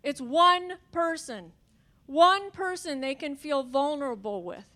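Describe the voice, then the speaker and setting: A woman minister speaking earnestly on a panel, talking fast with occasional fillers. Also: high-pitched, a bit bright. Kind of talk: panel talk.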